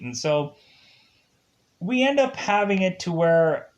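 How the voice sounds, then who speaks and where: A man's voice: high voice, animated, slow pace, pauses often, dull audio. A man with an Upper Midwest accent giving a casual, rambling review of a TV episode, full of fillers and chuckles.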